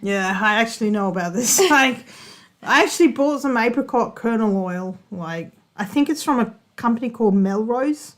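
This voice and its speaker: A woman's voice: fairly high pitch, expressive, moderate pace. A woman guest in a casual chat, talking hesitantly with many restarts. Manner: hesitant, lots of fillers and restarts, chatty.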